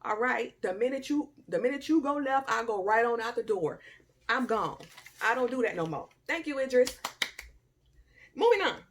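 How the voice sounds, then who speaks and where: A young woman telling a personal story to camera in a casual, animated way, with loud outbursts, quiet murmurs and slangy asides. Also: on the high side, normal speed, a little hiss or hum. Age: young adult. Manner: informal Southern-style slang and asides. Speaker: storytime vlogger.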